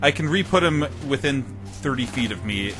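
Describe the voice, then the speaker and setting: A man's voice: medium pitch, lively intonation, moderate pace, music in the background. A man playing in a tabletop game, reasoning things out with a few hesitant restarts. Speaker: player. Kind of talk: tabletop role-play chat.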